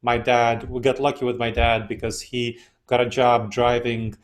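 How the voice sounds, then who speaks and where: A man's voice: medium pitch, little pitch movement, normal speed. A man speaking as an interview guest, telling his own story in a reflective, self-deprecating way. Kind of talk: casual storytelling.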